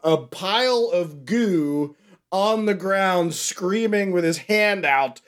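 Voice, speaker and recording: A man in his thirties walks through a film's plot on a casual podcast, his voice pitched slightly high. He rambles, swears and keeps the telling animated. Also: slow pace. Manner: rambling, profane, animated retelling with laughs. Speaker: podcast co-host. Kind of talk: casual movie chat.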